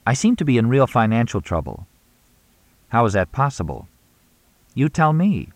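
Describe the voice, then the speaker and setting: A man voicing a glamorous female film star, brisk and put-upon. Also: medium pitch, sing-song, no room sound, voice pushed up. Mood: distressed.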